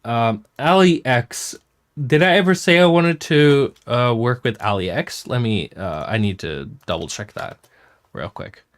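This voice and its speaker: A man's voice: mid-range voice, expressive, a little slow. A man hosting a casual livestream, reading out and answering chat comments in a rambling, self-interrupting way with casual swearing. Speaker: music producer hosting a chat stream.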